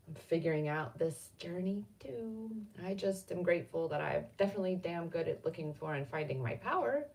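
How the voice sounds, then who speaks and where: A middle-aged woman hosting a casual card-reading chat, rambling spontaneously with sudden animated bursts. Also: on the low side, fairly quick, vocal fry, few pauses, distant mic. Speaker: spiritual card reader and host.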